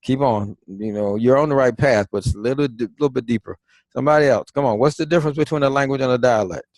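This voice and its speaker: A man leads an online class over a video call, quizzing his students and nudging them on in an easygoing, conversational way. His voice sits at an ordinary middle pitch. The sound is dry, with no room echo. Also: quick pace, a little mellow. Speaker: teacher.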